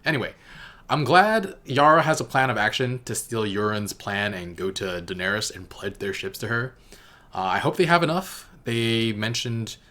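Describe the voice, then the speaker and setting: A man with a fairly low pitch and a sharp tone reviews a TV episode in a casual, rambling way. As a TV reaction reviewer, he hesitates often, using plenty of fillers and correcting himself.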